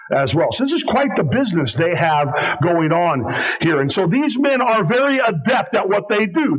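A pastor preaching in a church, his voice sitting high for a man. He presses each point hard, repeating phrases and sinking low and slow when he lands one. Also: fairly bright tone, low-quality recording. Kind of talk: sermon.

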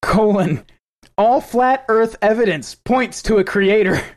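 A man's voice: sits high, lively intonation, slow pace. A man from the American South co-hosting a podcast, chatting casually and laughing often as he mocks what he is hearing. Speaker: podcast co-host. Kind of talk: casual chat.

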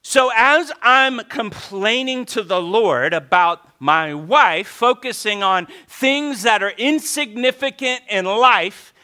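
A man preaching a sermon as pastor, telling a story lively and acting out his own grumbling thoughts. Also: high-pitched, takes it slowly, few pauses, clear, resonant tone.

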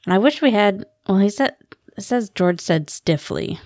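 A woman's voice: medium pitch, expressive, moderate pace, a little mellow, dry recording, clean studio sound. A woman co-hosting a podcast, chatting casually about a book and acting out its dialogue with a giggle. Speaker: podcast co-host. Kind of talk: casual book-club chat.

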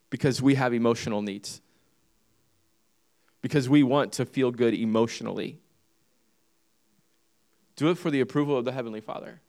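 Preaching at a medium pitch and normal speed, this male pastor has a darkish tone and pauses often. He reads from scripture, speaks emphatically, and presses his message through repeated key phrases and questions aimed at the congregation.

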